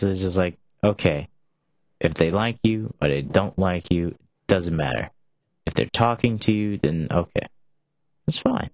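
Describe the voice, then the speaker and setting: Very deep-voiced young man hosting. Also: no echo. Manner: rambling, with many restarts and filler "like". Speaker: show host. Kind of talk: casual rambling talk show.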